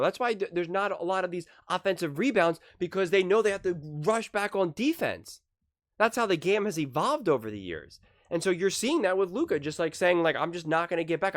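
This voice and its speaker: A man's voice: on the high side, no echo, studio quality. A man hosting his own sports commentary channel, arguing his points emphatically and repeating key words for stress. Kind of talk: solo sports opinion commentary.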